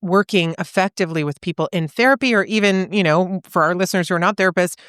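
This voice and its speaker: A woman with a somewhat low voice talks through counseling ideas on a faith podcast, often checking in with her listener. The sound is dry and close, with no room around it. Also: fast, smooth, dry recording. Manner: thoughtful, warm explaining with frequent "right?" and "you know?". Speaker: podcast co-host and therapist. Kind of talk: casual faith podcast conversation.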